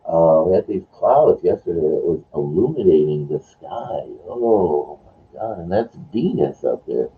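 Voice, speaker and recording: Older male morning host, low and animated, chatty rambling monologue over a phone-like line. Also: measured pace. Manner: rambling, chatty, playful voices. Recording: tinny phone-like sound.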